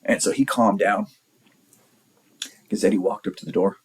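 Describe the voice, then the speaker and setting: A man's voice: fairly low pitch, moderate pace, breathy edge, poor audio. A man in his forties from the San Diego area, telling a rambling, profane story in a blunt, casual way. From San Diego area, California. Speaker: storyteller vlogger.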